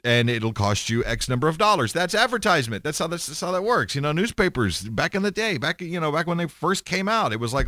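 A man's voice: on the high side, very animated, a little fast, few pauses, bright, forceful tone, dry recording, studio quality. A man hosting a podcast, talking in a blunt, rambling casual monologue with plenty of swearing and restarts. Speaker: podcast host.

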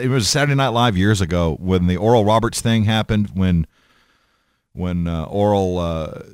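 Man, irreverent rant, sarcastic, stammering, low voice, dry close sound. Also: no room sound. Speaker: commentator.

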